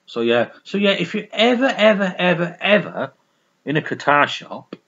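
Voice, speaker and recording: A man's voice: high voice, big pitch swings, moderate pace, gravelly, a bit bright, lo-fi sound. A man reviewing records in a casual, rambling, sweary way, full of restarts. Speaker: music vlogger.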